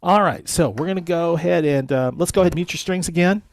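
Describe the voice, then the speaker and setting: A man's voice: fairly high pitch, fast, dry recording, studio quality. A man leading a live guitar lesson, counting beats aloud and coaching his students in a friendly way. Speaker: guitar instructor.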